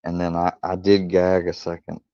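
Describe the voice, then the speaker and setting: Gravelly deep-voiced man telling stories. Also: completely flat delivery, normal speed, dark tone, dry recording. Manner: rambling, profane, retells dialogue with quoted voices. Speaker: streamer. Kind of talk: casual storytelling livestream. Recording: dull lo-fi stream audio.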